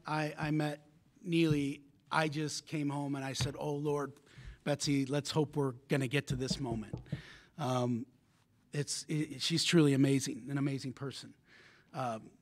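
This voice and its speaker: A man from Illinois, a newly named athletic director, giving an emotional, halting press conference speech full of ums and repeated words. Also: fairly high pitch, fairly bright tone.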